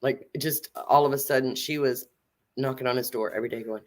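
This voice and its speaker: A middle-aged woman hosting a casual chat, telling a story in an animated way, acting out quotes and swearing freely. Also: a bass voice, a little fast. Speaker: host.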